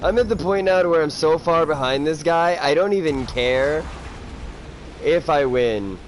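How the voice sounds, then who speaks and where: A man giving gameplay commentary, excitable and laughing between asides. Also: on the high side, normal speed, a little hiss or hum, low-quality recording. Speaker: gamer.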